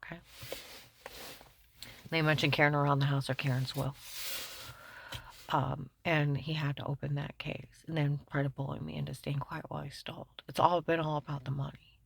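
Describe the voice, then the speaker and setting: A woman delivers a rambling, agitated monologue about her troubles and keeps listing laws. Her low voice has a gravelly edge and a bright, cutting tone. The recording is close and dry, with no room sound. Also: little pitch movement, no room sound. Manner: rapid, rambling, shifts between hushed and loud; recites laws and legal terms. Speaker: speaker recounting her own ordeal.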